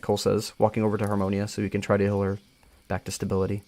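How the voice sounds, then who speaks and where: A man with a fairly low voice reads a fan story aloud on a live stream. He keeps it casual, tripping over words now and then and going back to reread them. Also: completely flat delivery, very fast, a little mellow. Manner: casual, stumbles and rereads lines. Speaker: story reader.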